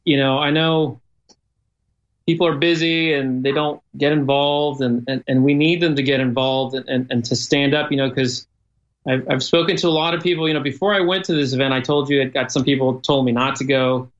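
Halting man on a muffled line. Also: medium pitch, fairly even intonation. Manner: halting, repeats words. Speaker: city council member guest. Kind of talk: casual interview answers.

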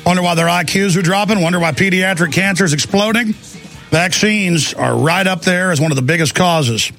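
A man's voice: sits high, brisk, gravelly, fairly bright tone, soft background music. A man hosting a call-in talk show, delivering an angry, intense ranting monologue. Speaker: talk show host taking calls.

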